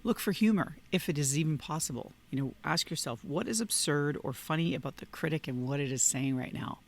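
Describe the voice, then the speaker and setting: A man's voice: a little high, brisk. A man hosting a leadership channel, talking casually and encouragingly about handling your inner critic. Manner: earnest and encouraging, with casual restarts. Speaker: leadership coach and channel host. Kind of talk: casual talking-head book review.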